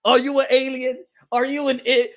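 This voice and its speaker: A man hosting a boxing channel in casual reaction commentary, excitable and profane, laughing often and repeating himself. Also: extremely high pitch, moderate pace. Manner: repeats himself, bursts into yelps.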